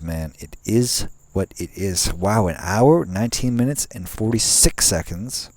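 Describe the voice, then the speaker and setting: A man's voice: on the low side, animated, a little slow, a little mellow, no echo. A young man rambling casually outdoors at night, with many fillers and restarts, swearing now and then. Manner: meandering, frequent fillers and restarts; laid-back, swears casually. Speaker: vlogger.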